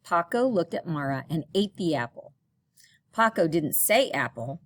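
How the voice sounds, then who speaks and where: A woman reading a children's picture book aloud in a slow, expressive storytelling manner. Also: on the low side, no room sound. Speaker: storybook reader.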